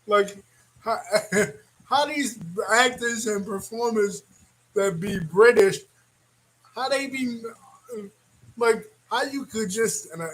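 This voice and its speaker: A man hosting a reaction video, talking in a rambling, animated way and laughing often. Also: high voice, husky, low-quality recording. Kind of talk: casual reaction commentary.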